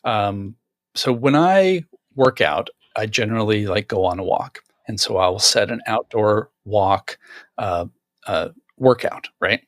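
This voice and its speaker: A man's voice: on the low side, animated, unhurried, a bit bright, no room sound, studio quality. A man as a guest author in a casual tech conversation, chatty, with many fillers and restarts.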